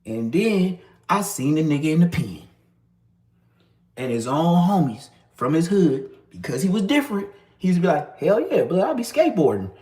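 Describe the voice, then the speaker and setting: Man, 30s, casual storyteller, lively delivery, echoey room. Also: fairly high pitch, normal speed. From Los Angeles area. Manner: animated, acts out other people's lines.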